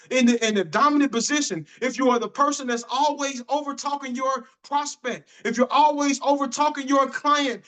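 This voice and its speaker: A man with a strikingly high voice delivers a motivational sales talk to his group. His tone is bright and forceful, and he stresses points by repeating and restarting phrases. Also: poor audio. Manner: repetitive, emphatic, restarts phrases. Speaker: business motivational speaker.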